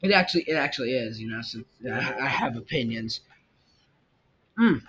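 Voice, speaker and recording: Over faint jazz and a muffled, faintly rumbling lo-fi mic, a young podcast host talks solo in an animated, slightly bright voice at a moderate pace. He rambles, voices strong opinions, and keeps restarting with lots of fillers.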